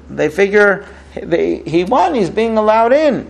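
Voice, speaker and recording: A man's voice: on the high side, lively intonation, measured pace, gravelly, a little mellow, rough recording. A man giving a religious talk, telling a parable and acting out its dialogue with rising emotion. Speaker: rabbi. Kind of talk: sermon with a parable.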